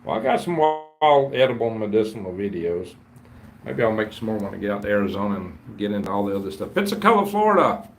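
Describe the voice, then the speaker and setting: A man's voice: lowish voice, very animated, quick pace, gravelly, slight background noise. A man, hosting a casual livestream chat in a rambling, folksy way. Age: 50s. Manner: rambling, folksy, greets viewers and reads chat aloud. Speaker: livestream host.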